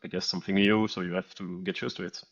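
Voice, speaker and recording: A man's voice: low-pitched, level tone, fast, muffled recording. A French man with a French accent, a startup founder as interview guest, talking in a modest, slightly hesitant way. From France. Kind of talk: casual interview chat.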